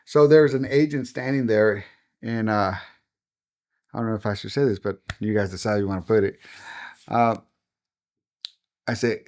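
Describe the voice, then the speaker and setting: A man's voice: on the low side, fairly even intonation, moderate pace, long pauses, a little mellow. A middle-aged man, a pastor, telling a story on a podcast and acting out the dialogue he quotes. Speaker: pastor and guest.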